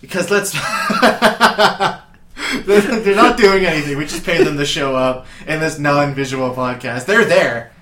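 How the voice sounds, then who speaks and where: A man co-hosting a podcast in casual comedic chat, rambling and profane, breaking into shouted bits. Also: fairly high pitch, slow pace, a little hiss or hum. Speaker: podcast co-host. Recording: echoey room.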